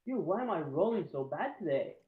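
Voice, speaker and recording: A man's voice: on the high side, sing-song, a little fast, husky, phone-quality sound. A man playing a tabletop game who trades blunt, profane jokes. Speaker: player.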